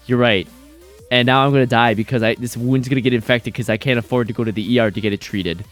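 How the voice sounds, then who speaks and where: A man's voice: mid-range voice, fairly even intonation, fast talker, faint music behind. A man streaming a game, chatting casually in a rambling, jokey way and reacting to chat.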